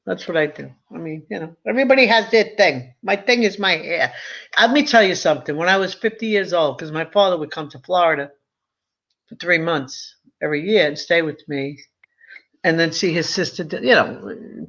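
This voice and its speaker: A woman's voice: fairly low pitch, animated, moderate pace, fairly bright tone. A woman in her seventies chatting casually, telling stories and putting on quoted voices. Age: 70s. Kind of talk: casual chat. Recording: dull lo-fi sound.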